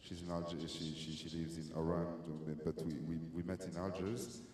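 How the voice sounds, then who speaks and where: A man whose first language is French, speaking English haltingly with many restarts as he answers interview questions about casting a film. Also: deep voice, flat delivery, darkish tone. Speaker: film director. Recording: echoey hall with long reverb.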